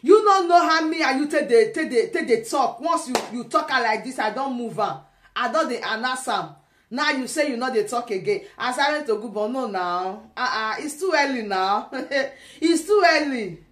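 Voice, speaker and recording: A woman's voice: a little high, expressive, normal speed, a bit bright, reverberant. A woman with a Nigerian accent giving teasing, laughing commentary in casual pidgin.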